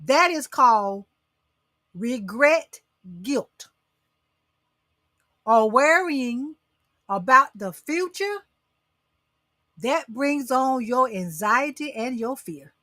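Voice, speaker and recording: Bright-voiced woman coaxing "y'all" as host. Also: sits high, animated, drawn-out words, long pauses, no room sound, studio quality. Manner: preachy, coaxing, addresses audience as y'all. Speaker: talk show host. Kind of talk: casual motivational talk to live viewers.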